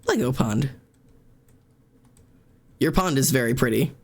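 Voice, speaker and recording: A man's voice: medium pitch, animated, unhurried, slightly rough. A man live-streaming, chatting casually and rambling while gaming, swearing freely and laughing often into a desk microphone.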